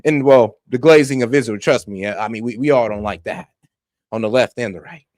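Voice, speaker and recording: A man doing casual reaction commentary on political news, animated and joking, laughing at his own asides. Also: medium pitch, a little fast, no room sound.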